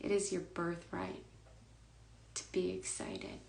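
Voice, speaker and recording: A woman giving a spiritual coaching monologue, slow and emphatic, often sinking to a hushed whisper. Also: on the low side, very animated, vocal fry, reverberant, a little hiss or hum.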